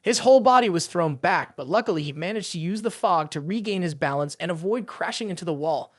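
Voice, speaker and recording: Lively high-voiced male narrator. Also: fairly quick, no echo, clean studio sound. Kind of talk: scripted story recap narration.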